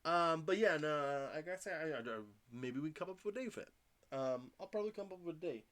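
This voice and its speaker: A man's voice: a little high, quick pace, a bit bright. A man in his thirties hosting a casual solo podcast from home, tired from little sleep and talking in a loose, rambling way full of fillers and restarts. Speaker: podcast host. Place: home room.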